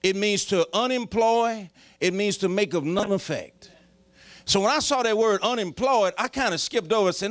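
Lively, high-voiced folksy preacher man. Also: moderate pace. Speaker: pastor. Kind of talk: sermon.

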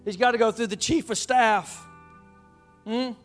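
A man preaching a sermon, emphatic and animated, calling out to the congregation. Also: very high-pitched, a little slow, faint music behind. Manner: emphatic, call-and-response, animated.

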